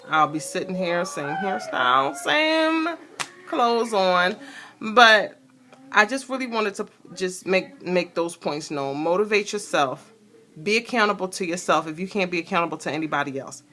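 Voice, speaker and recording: Bright-voiced woman giving a chatty pep talk. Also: medium pitch. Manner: chatty and emphatic, fussing and pep-talking; frequent fillers and restarts, bursts of laughter. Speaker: vlogger. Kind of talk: casual motivational vlog talk. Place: seated indoors talking to camera.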